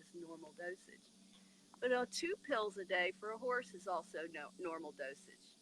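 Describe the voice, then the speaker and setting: A woman's voice: fairly low pitch, bright, forceful tone, a little hiss or hum, rough recording. A woman horse breeder explaining things in a matter-of-fact way during an interview.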